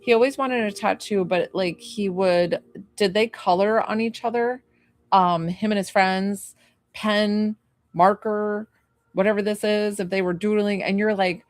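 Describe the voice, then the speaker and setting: A woman working as a psychic medium, giving a live reading to a client. She talks in a rambling, tentative way, full of "like" and questions, and turns gently reassuring when she passes on comfort. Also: mid-range voice, fairly even intonation, normal speed, dry recording, clean studio sound.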